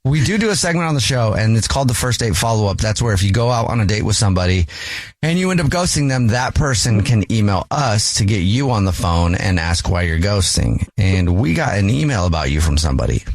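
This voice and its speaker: A man's voice: lowish voice, sing-song, brisk, no echo. A man hosting a radio show, asking a caller questions in an upbeat way. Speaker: radio host.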